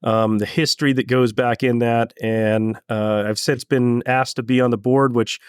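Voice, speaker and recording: A middle-aged man from California, a land speed racer, telling stories in a casual interview in an earnest, halting way with many restarts. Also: mid-range voice, fairly even intonation, clean tone, no echo.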